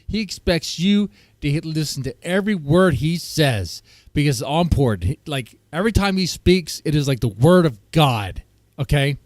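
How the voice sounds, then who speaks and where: A man talking over a livestream, his voice sitting a bit high for a man and recorded dry and close. He rambles and mocks in crude, casual commentary, chatting with his viewers as he reacts. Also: animated, normal speed, dry recording. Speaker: streamer reacting to clips.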